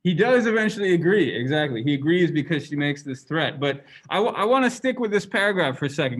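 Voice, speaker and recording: A man lecturing a class in a loose, conversational manner, often turning to ask his students questions. His voice sits fairly high for a man. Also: very animated, quick pace, few pauses, a bit bright, rough recording. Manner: reads passages aloud from the book. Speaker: religious studies lecturer.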